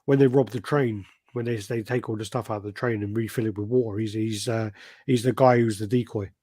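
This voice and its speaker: A man hosting a podcast, chatting casually, swearing freely and retelling comedy bits with lively energy. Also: lowish voice, a little fast, husky, no room sound, clean studio sound. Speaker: podcast host. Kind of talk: casual chat.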